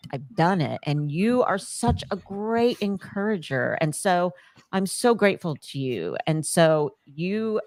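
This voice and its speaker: Low-voiced woman hosting a podcast. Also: dry recording, studio quality. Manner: gentle, halting, with many restarts. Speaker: podcast host. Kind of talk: supportive interview talk.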